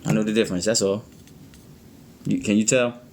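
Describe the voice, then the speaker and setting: A man's voice: lowish voice, steady tone, a little fast, a little mellow, a little hiss or hum. A man hosting a music reaction video, talking casually and rambling. He often stumbles over his words and keeps adding "you know what I mean".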